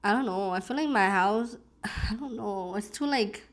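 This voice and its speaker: A woman's voice: medium pitch, normal speed. Rambling young woman telling a story. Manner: rambling, many "like"s and restarts. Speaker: vlogger. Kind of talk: casual storytelling while eating.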